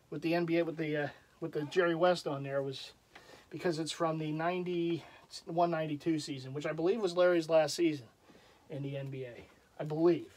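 A man with a fairly high voice talks through his collection in a loose, rambling way. He pokes fun at himself and keeps breaking into chuckles as he goes. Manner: chatty, rambling, chuckles often; self-deprecating. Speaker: jersey collector vlogger. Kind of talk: casual show-and-tell vlog.

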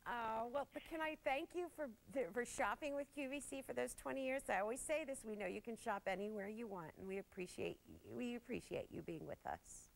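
A woman hosting a live TV shopping show, chatting warmly with callers and gushing over jewelry while laughing often. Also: on the high side, a little fast, vocal fry, hardly any pauses, low-quality recording. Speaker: shopping channel host. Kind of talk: live TV sales presentation. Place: TV studio.

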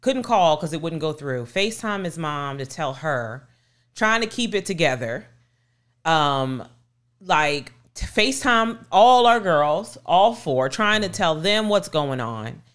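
A woman's voice: deep voice, expressive, slow, a bit bright. A middle-aged woman co-hosting a podcast, animatedly retelling a story and acting out the voices of people in it. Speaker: podcast co-host. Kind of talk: casual storytelling chat.

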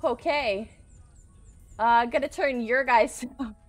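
A young woman doing casual commentary while playing a shooter game, excitable and screaming often, laughing and swearing between calmer stretches. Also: fairly high pitch, takes it slowly. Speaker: gaming streamer.

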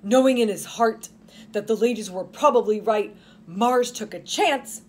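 Woman in her fifties, husky voice, higher pitch, audiobook narration, chatty asides. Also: a little slow. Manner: dramatic reading, chatty asides. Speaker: nurse and author reading her book. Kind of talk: audiobook narration and podcast chat.

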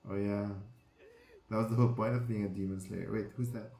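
Excitable swearing man, gravelly and roomy. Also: fairly low pitch, a little fast. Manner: excitable, swears freely, exclaims at the screen. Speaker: anime reaction reviewer. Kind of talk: live reaction commentary. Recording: echoey room with faint music.

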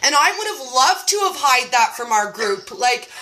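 A woman's voice: sits high, sing-song, normal speed, bright, forceful tone. A woman in her forties hosting a casual chat, telling stories in a chatty, self-mocking way and saying "like" a lot. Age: 40s. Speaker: host running a keto support group.

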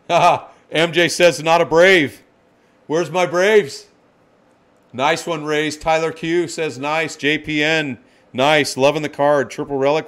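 A man hosting a live card-break stream, excitedly calling out each card and greeting viewers by name. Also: a little high.

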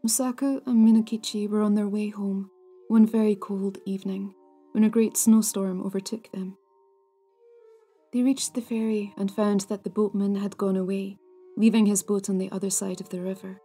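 A woman hosting a folklore podcast, narrating a ghost story in a hushed, half-whispered, deliberate way. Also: mid-range voice, level tone, breathy edge. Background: soft music.

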